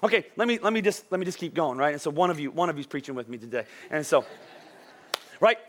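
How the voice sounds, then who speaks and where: High-voiced joking male pastor. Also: expressive, quick pace, a little hiss or hum. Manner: conversational and joking, keeps asking "right?". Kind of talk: sermon.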